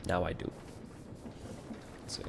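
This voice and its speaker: A man streaming a game from a warm room at home, muttering to himself as he builds and chatting with viewers. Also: a little slow, noisy background. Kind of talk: casual live-stream chatter while playing.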